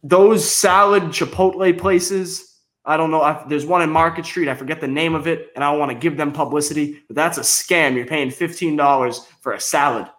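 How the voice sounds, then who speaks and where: A man's voice: on the high side, fairly even intonation, moderate pace, fairly bright tone. A young man, co-hosting a casual podcast, hesitating with lots of ums and laughing along. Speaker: podcast co-host. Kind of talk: casual chat.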